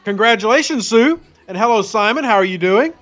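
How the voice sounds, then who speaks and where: A man with a fairly high voice hosts a live game stream, chatting in a quick, upbeat way and greeting viewers one by one. The audio is slightly dull and lo-fi, with faint music underneath. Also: expressive, a bit bright. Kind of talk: casual live-stream chat.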